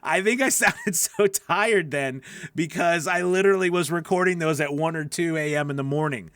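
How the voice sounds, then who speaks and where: A man with a slightly raised speaking pitch coaches voice actors in a relaxed, chatty way and answers viewers' questions as they come in. He sounds close and dry on a studio microphone, with no room echo around him. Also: normal speed, clear, resonant tone. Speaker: voice-over coach. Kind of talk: live-stream Q&A teaching.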